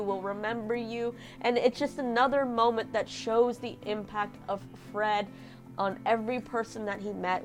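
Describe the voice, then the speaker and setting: A woman hosting a casual TV episode recap, chatty and emotional, with many fillers and restarts. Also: mid-range voice. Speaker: show recap host.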